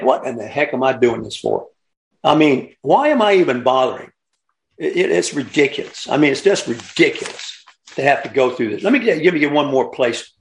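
A man giving impassioned commentary, emphatic and digressive, repeating points and lecturing along the way. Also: mid-range voice. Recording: roomy echo.

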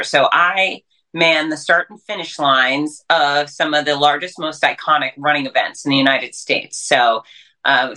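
A woman who works as a race announcer and fitness speaker, talking as an upbeat, energetic interview guest. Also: deep voice, low-quality recording.

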